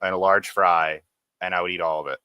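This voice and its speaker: Deep, bright-toned young man, blunt. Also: little pitch movement, brisk, smooth, no echo. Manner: laid-back, blunt, says "bro" and "dude". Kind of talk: casual profane banter.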